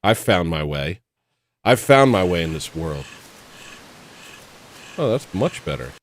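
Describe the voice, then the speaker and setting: A man chatting casually while gaming, telling rambling, self-deprecating stories with wry, deadpan humor. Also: low-pitched, slow, a little hiss or hum.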